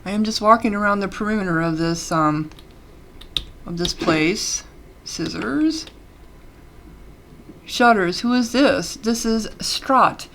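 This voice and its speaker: A woman's voice: medium pitch, slow pace, pauses often, fairly bright tone, a little hiss or hum. A woman casually commenting on a game she is playing, chatty and reading the game text aloud between fillers. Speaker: let's play gamer.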